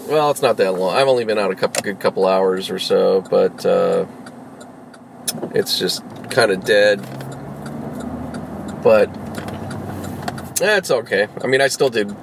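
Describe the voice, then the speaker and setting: A man's voice: lowish voice, creaky, slight background noise. Rambling man vlogging from his car. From Los Angeles. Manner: rambling, many fillers and restarts, swears casually. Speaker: rideshare driver vlogger. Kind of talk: casual rambling car vlog. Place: inside a car.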